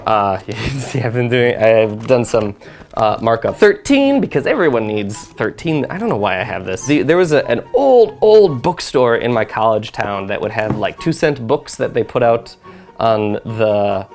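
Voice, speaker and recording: Young adult home vlogger, chatty and rambling, lively swooping delivery, faint music under it. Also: mid-range voice, normal speed. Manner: rambling, animated, chatty asides. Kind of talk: casual chat. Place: home, beside a bookcase.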